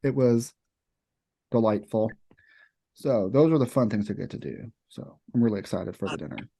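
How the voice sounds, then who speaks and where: A man's voice: on the low side, animated, normal speed, vocal fry, dark tone, slightly rough. A young man from Kentucky co-hosting a podcast, rambling casually about cooking with lots of fillers. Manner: rambling, filler-heavy storytelling. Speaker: podcast co-host and chef. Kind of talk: casual chat.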